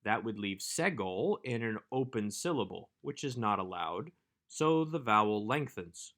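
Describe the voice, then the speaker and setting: A man giving a recorded workbook lesson as a Hebrew instructor, explaining grammar in a measured way. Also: fairly low pitch, expressive, fairly bright tone.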